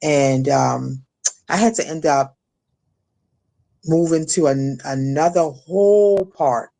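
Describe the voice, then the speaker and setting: A middle-aged woman from Maryland recounting a personal ordeal as an interview guest, halting with many restarts and fillers. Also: deep voice, gravelly, dark tone. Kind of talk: emotional personal testimony.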